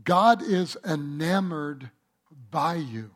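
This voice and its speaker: A man's voice: a little high, lively intonation, slow. A man preaching a sermon as pastor, talking conversationally and working a joke into his message.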